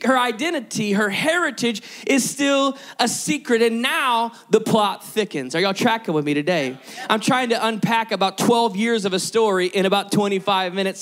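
Man, pastor, sermon, high voice, energetic, engages the congregation. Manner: energetic preaching, calls on the congregation to respond.

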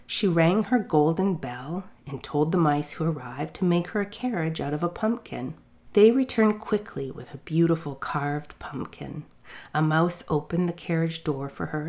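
A woman with a notably low voice reads a fairy tale aloud as a storyteller. Her reading is measured and expressive, paced for listeners following a storybook. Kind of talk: storybook narration.

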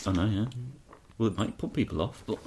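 A man's voice: lowish voice, fairly quick, dark tone, a little hiss or hum. A man co-hosting a comedy podcast in a chatty, giggly way. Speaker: podcast co-host. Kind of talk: casual comedy podcast chat.

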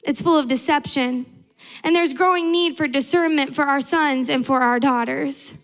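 A woman's voice: sits high, moderate pace. A young adult woman preaching a sermon to a large church, earnest and emphatic, building through repetition.

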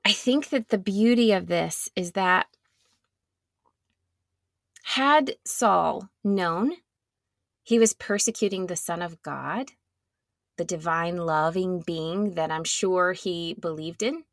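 A woman gives an earnest, reflective sermon in an unhurried way, with a gravelly edge to her voice. She sometimes sinks to a soft near-whisper, and the sound is close and dry. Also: fairly low pitch, no room sound. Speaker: speaker giving a devotional talk.

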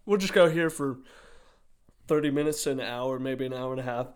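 A young man casually telling a story on a podcast, animated and profane, acting out what people said. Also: mid-range voice, brisk, clear, resonant tone.

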